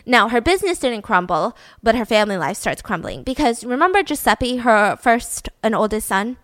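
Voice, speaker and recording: A woman's voice: a little high, lively intonation, normal speed, a bit bright, dry recording. A woman hosting a podcast who tells a true-crime story in a casual, chatty way, often saying "like" and swearing now and then. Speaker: podcast host.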